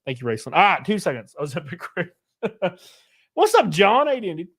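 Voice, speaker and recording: A man's voice: a little high, lively intonation, very fast, fairly bright tone, slightly rough. A man chatting loosely on a live stream, swearing freely and thanking viewers by name. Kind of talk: casual live-stream chat.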